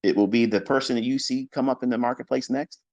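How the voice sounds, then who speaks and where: A man's voice: fairly even intonation, fast talker. Profane, blunt man lecturing traders. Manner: swings from low, quiet stretches to loud, high outbursts. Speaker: trading mentor. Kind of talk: live audio-room talk to trading followers.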